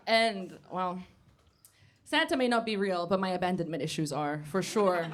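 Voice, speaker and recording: A woman's voice: fairly low pitch, moderate pace, a little hiss or hum. A woman doing a stand-up comedy set, brash and sarcastic, swearing freely. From United States. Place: basement comedy club before a live audience.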